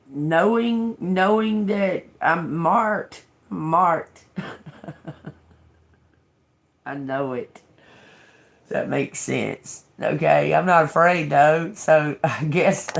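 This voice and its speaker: Speaking in a deep, gravelly voice, a woman who reads tarot on a livestream recounts a personal story casually. She's blunt and heavy on the swearing, drawls, repeats phrases and laughs a lot.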